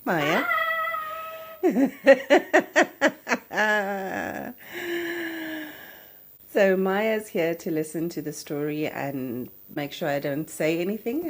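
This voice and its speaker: A podcast host in her thirties tells a personal story with animated, emotional energy. Her voice is a little lower than most women's.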